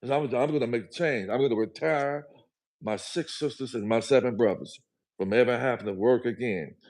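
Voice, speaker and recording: Appearing as a livestream guest, a man delivers motivational talk in an emphatic, preachy style, circling back to the same phrases. He speaks fairly quickly in a medium-pitched, slightly mellow voice.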